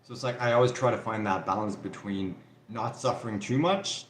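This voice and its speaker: A man's voice: lowish voice, brisk, roomy sound, slight background noise. A man from Canada with a French Canadian accent, hosting a live Q&A and reading out viewer comments in casual chat, with plenty of "like" and "you know". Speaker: livestream host answering viewer questions.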